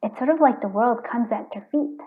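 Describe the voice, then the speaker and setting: Over tinny, phone-like audio, a woman with a higher voice speaks fairly quickly while doing a casual tarot reading. She's chatty and earnest, thinking aloud and restarting her sentences.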